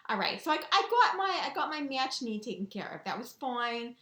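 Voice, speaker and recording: Woman telling a story to camera, high lively voice, keeps going "right?", roomy echo. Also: moderate pace. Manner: chatty, keeps checking in with "right?" and "you know". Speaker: vlogger.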